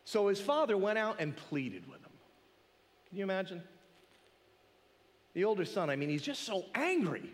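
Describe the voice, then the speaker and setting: A man preaching a sermon in an animated, conversational way, often asking rhetorical questions. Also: high-pitched, normal speed, long pauses, in a large hall.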